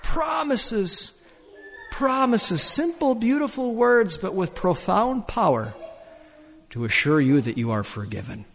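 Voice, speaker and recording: Animated male preacher in a reverberant church. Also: unhurried, a little hiss or hum. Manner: expressive preaching, soaring and dropping pitch. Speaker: pastor. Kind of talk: sermon.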